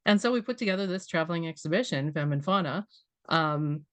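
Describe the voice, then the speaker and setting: A middle-aged woman with a Minnesotan accent, an artist chatting in an interview, laughing often and filling pauses. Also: deep voice, animated, no echo. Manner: chatty and warm, laughs often, many fillers. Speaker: guest artist, printmaker. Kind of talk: casual conversational interview.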